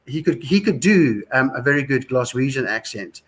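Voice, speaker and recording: A man's voice: medium pitch, expressive, normal speed, fairly bright tone. A man in his sixties with a South African accent, a musician guest telling rambling, wry anecdotes in a casual interview. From Scotland, raised in South Africa.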